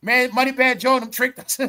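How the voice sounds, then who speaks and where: A man's voice: very high voice, fairly even intonation, moderate pace, pushed and bright, slight background noise. A man giving casual, profane vlog commentary and breaking into laughter often. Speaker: online commentator.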